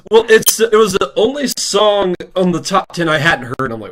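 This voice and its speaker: A man co-hosting a music podcast in casual chat, animated, with lots of restarts, acting out his own reactions. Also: high voice, brisk, crowd noise. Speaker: podcast co-host.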